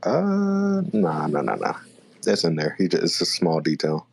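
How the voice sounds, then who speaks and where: Deep voiced guy chatting on a podcast, laid back, thinks out loud. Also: huge pitch swings, a little slow, creaky, husky. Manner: laid-back, thinks aloud, self-correcting. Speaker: podcast co-host. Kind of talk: casual chat reviewing a manga chapter.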